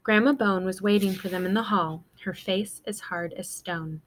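A woman's voice: normal speed, a little hiss or hum. A woman teacher reading a children's novel aloud, voicing the characters expressively. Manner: expressive, voices characters with pitch lifts. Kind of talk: storybook read-aloud.

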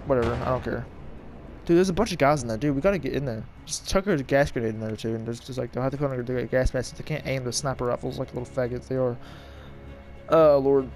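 Young male gamer, casual rambling commentary, quick to heckle, faint game music under him. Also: medium pitch. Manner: excitable, trash-talking, rambling. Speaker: gaming YouTuber.

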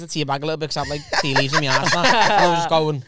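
A man's voice: fairly high pitch, heavy background noise. A man with a Liverpool accent, co-hosting a comedy podcast and telling crude, punchy stories. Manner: crude, fast, punchy storytelling. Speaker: podcast co-host. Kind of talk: casual storytelling chat.

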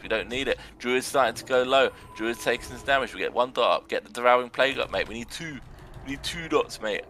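A young man giving sarcastic, excitable commentary on a video game match and swearing now and then. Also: mid-range voice, a little hiss or hum. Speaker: arena commentator.

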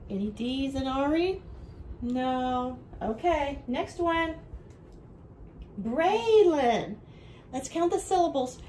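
High, lively woman teaching little kids. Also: a little hiss or hum, rough recording. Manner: bright, sing-song teacher voice, slow and clear with the children. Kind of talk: home video lesson for young children. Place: room at home with children.

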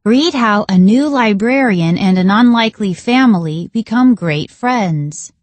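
A woman teacher reading a story aloud to a class in a clear, measured way. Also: medium pitch, lively intonation, no echo.

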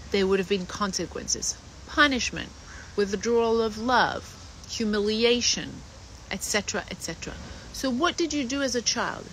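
A woman's voice: medium pitch, a bit bright, a little hiss or hum, low-quality recording. A woman acting coach giving an emphatic teaching talk to actors, listing words in rhythmic runs.

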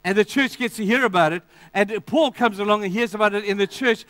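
A man preaching a sermon in a high, light voice. He rises to emphatic declarations and then drops to quiet, intense asides, talking straight to his congregation. The sound is close and dry, with little room around it. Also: a little fast, no echo. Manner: addresses the congregation directly. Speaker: pastor.

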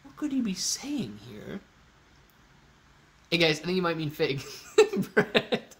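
A man hosting a casual livestream Q&A. He reads out viewer comments, gets excited, thinks aloud and repeats himself. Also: high-pitched, slow pace.

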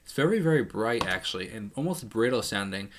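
A man's voice: lowish voice, animated, fairly quick, slight background noise. A man and musician reacting to a live song, casually explaining the mix and vocals into a studio microphone with a pop filter. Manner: explanatory, analytical, many restarts. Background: faint song playing.

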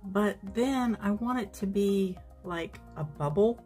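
A woman's voice: medium pitch, takes it slowly, warm tone, soft background music. A woman narrating a nail art tutorial at home, chatty and self-deprecating, with frequent ums.

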